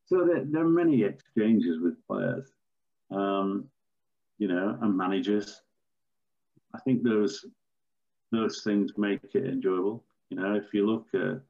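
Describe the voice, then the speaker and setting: An older man, a former referee, telling stories in a measured, storytelling way with some fillers. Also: lowish voice, darkish tone, muffled recording. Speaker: former football referee, podcast guest. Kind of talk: anecdotal interview answers.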